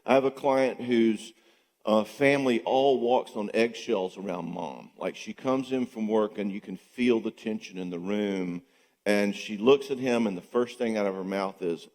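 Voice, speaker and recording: A low-voiced man gives a casual, conversational talk to a church audience and keeps checking in with quick "okay?"s. His voice carries a long, ringing reverb from the big hall. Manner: acts out quoted people in lively voices. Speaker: marriage conference speaker and counselor. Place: church sanctuary before an audience.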